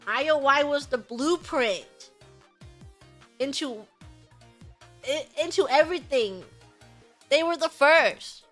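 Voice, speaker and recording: A woman streamer in casual livestream chat, excitable and rambling, humming bits of songs between thoughts. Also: high-pitched, slow pace, long pauses, faint music behind. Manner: excitable, rambling, hums song snippets.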